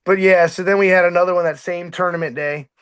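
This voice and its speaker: A middle-aged boat captain with a high, bright-pitched voice spins fishing tales in easy, casual talk. He jumps into shouted quotes and plays every part of the story himself. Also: fast, clear, resonant tone. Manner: animated, acts out shouts and quotes.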